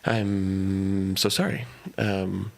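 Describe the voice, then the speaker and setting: A man improvising a humble, earnest former cow herder turned maid who keeps apologizing and flattering his employer. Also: sits low, extremely slow, gravelly, exaggerated voice. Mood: eager. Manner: fawning and over-apologetic. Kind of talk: improvised comedy scene. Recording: live theater with faint guitar music.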